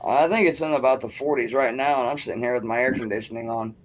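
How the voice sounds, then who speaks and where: A man's voice: mid-range voice, fast. A man hosting a casual livestream call, laughing often and teasing friends and viewers. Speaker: livestream host.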